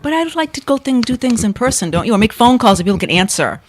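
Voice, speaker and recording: A middle-aged woman co-hosting a casual radio chat, fast and hyper, cracking jokes as she goes. Her pitch swings widely from line to line. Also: sing-song, dry recording, clean studio sound. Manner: rapid, hyper, joking. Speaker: co-host.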